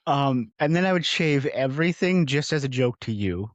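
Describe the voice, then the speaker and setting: Animated, jokey Canadian man. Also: mid-range voice, normal speed, dry recording. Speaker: podcast co-host. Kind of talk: casual chat.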